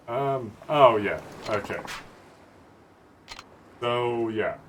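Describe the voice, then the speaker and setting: A man's voice: mid-range voice, lively intonation, measured pace, pauses often, fairly bright tone, slight background noise. A man giving casual, joking commentary as he plays a video game, swearing freely. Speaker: streamer. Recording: game music behind voice. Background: game music.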